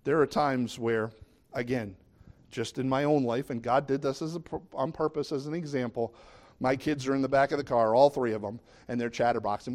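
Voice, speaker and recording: A man's voice: mid-range voice, a little fast, a little mellow. A middle-aged man preaching a sermon in a conversational way, often asking the listeners questions. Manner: conversational, asks the audience questions.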